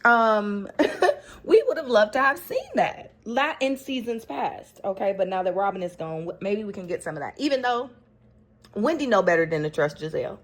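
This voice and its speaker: A woman talks through a reality TV episode in a loose, chatty way. Her voice sits at an ordinary middle pitch, and she shifts into little acted voices when she quotes the cast. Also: big pitch swings, moderate pace. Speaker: reality TV recap host. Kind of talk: casual recap commentary.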